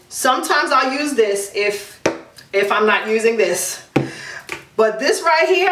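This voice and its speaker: Recorded with a distant mic in an echoey room, a woman with a somewhat high, slightly bright voice walks through her hair care routine for a casual review vlog. She is emphatic and chatty, with many ums and repeats.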